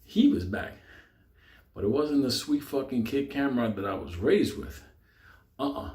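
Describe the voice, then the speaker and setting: Profane New storyteller in a roomy space. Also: male voice, medium pitch, moderate pace. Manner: profane, animated, laughs often. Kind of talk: casual storytelling.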